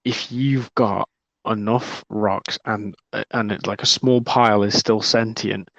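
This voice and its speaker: A man's voice: lowish voice, fairly even intonation, takes it slowly, a bit bright, dry recording. A young man co-hosting a casual chat, joking and swearing freely. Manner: joking, swears freely, does silly voices. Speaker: podcast co-host.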